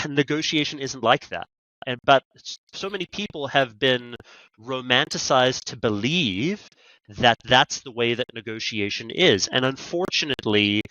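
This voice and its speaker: A man's voice: mid-range voice, sharp tone, no echo, muffled recording. A man with a Canadian accent, a podcast guest talking about negotiation training in a conversational interview, telling stories animatedly with quoted asides.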